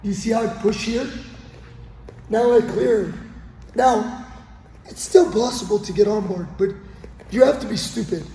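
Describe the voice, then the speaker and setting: A man's voice: sits high, a little slow, vocal fry, pauses often, mellow, slight background noise. A man coaching grappling as he demonstrates a technique on the mats, often checking in with his partner as he goes. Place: training gym on the mats. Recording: echoey gym with long reverb.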